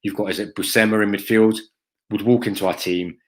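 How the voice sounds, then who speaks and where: A man's voice: on the low side, fairly even intonation, fairly quick. A man hosting a fan live stream, answering chat in a blunt, sweary way full of ums and "mate". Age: adult, has a school-age son. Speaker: fan channel host reading live chat.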